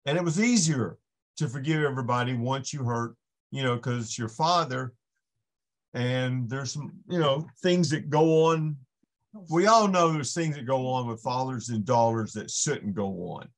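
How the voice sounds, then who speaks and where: Man, podcast guest, slow pace, storytelling, acts out dialogue. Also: medium pitch. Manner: unhurried storytelling, acts out the voices in his story. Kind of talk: casual storytelling testimony.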